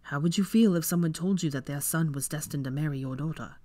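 A fan fiction reader voicing an apologetic young father who speaks softly and pleads. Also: medium pitch, fast, close to an everyday voice. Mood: pleading. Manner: pleading, soft.

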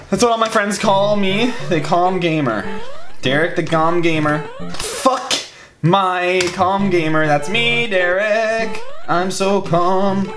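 A man playing a hard platform game and raging, swearing constantly, yelping when he dies and laughing at himself. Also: high-pitched. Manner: swears constantly, yelps and shouts when dying; self-mocking, laughs at himself. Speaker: gaming video host.

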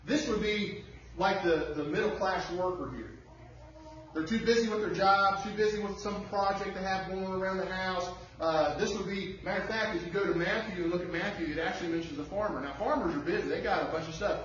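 A man's voice: sits high, a little fast, a bit bright. A man preaching an emphatic sermon as pastor, firing off rhetorical questions to the congregation. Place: church sanctuary. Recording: distant, muffled, very echoey room.

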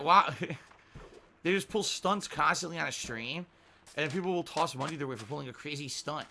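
A man chatting to his livestream audience, his voice bright and lively as it bounces up and down. He swings between loud exclamations and low, muttered complaints, over a faint hiss from a desk mic. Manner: animated, swings from loud outbursts to low grumbling. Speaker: livestream host. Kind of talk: casual livestream chat.

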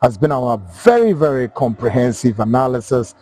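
A man's voice: mid-range voice, big pitch swings, moderate pace, dark tone. A Ghanaian man hosting a political talk show, speaking emphatically and repeating words as he builds his points. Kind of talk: political discussion, mixing English and Twi.

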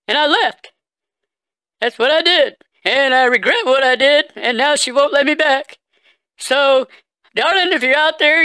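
Brief: man playing a high, bright-voiced bumbling caller, lovesick and slow-witted, dry close sound. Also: no echo. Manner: halting, stammering, full of fillers. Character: dim-witted, heartbroken, rambling male caller. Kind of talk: prank phone call comedy bit.

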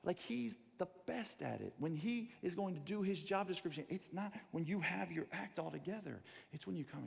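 Pastor preaching in a big church hall. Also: male voice, a little high, normal speed, vocal fry. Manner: animated storytelling, acts out quoted voices. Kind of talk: sermon. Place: large church sanctuary. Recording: long reverb of a large church hall.

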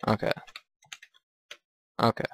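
A man's voice: slow pace, a bit bright, no room sound. A man giving crude, profane let's play commentary while gaming. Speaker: gamer.

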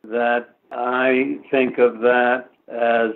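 A man from the United States, an economist guest answering interview questions in a measured way, pausing often on fillers. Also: medium pitch, flat delivery. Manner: measured, with frequent filler pauses. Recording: tinny phone-like line.

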